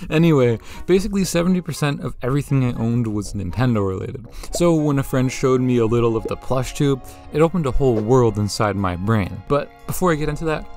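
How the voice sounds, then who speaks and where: Young male vlogger, scripted jokey narration, average pitch, light music bed. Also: a little fast, hardly any pauses. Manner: jokey, lively, with swearing and laughs. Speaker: YouTuber.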